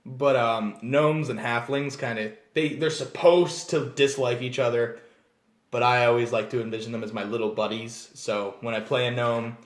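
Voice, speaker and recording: A man casually explaining tabletop role-playing game races, animated and digressive, often slipping into acted scenes. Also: medium pitch, normal speed. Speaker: channel host. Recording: roomy echo.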